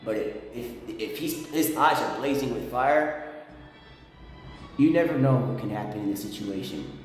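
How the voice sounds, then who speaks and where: A man telling a rambling story to the camera, often dropping into a low, intense tone. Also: unhurried, very echoey, long reverb tail, soft background music. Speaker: vlogger.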